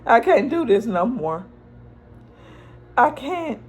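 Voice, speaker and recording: Lucille, a woman putting on a frantic high voice. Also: big pitch swings, takes it slowly, darkish tone, husky, heavily acted. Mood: distressed pleading. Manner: high-pitched pleading, then snapping. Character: distressed middle-aged woman, sharp-tongued and overwhelmed.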